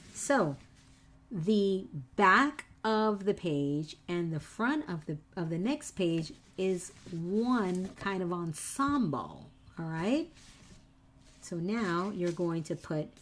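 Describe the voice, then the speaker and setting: A woman walks viewers through a craft project at a relaxed, slow pace. She is chatty and teasing with her audience and repeats each step. A faint hiss sits behind her voice. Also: lowish voice. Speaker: papercraft tutorial host. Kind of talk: live-stream craft tutorial.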